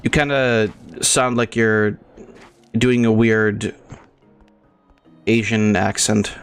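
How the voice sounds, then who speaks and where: A man's voice: on the low side, steady tone, takes it slowly, smooth, faint music behind. A young man hosting his gaming channel, rambling through casual, crude and profane commentary as he plays.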